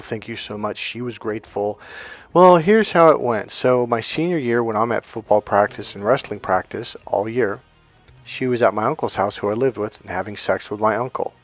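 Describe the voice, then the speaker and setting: A middle-aged man, a dating coach, tells a personal story to his viewers. He swings from loud bursts to low, quiet asides and swears freely. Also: a little fast, faint music behind.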